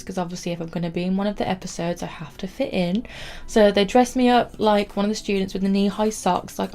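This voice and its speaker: A woman's voice: mid-range voice, darkish tone. A young woman chatting to camera in a rambling storytelling way, saying "like" often. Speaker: vlogger.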